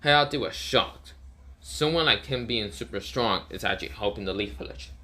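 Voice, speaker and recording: A man's voice: fairly low pitch, expressive, normal speed, pushed and bright. A man casually retelling a fan-made story in a rambling way, full of fillers and restarts.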